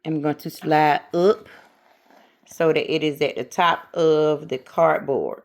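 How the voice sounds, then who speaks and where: A woman's voice: low-pitched, fairly even intonation, takes it slowly. A middle-aged woman hosting a casual how-to craft tutorial, chatting and talking herself through each step as she works.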